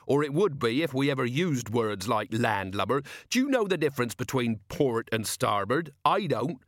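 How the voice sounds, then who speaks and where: A man's voice: mid-range voice, fairly bright tone, dry recording, studio quality, voice pushed up. A man voicing a sly, cheeky sea captain who drawls in working-class speech, for a storybook reading.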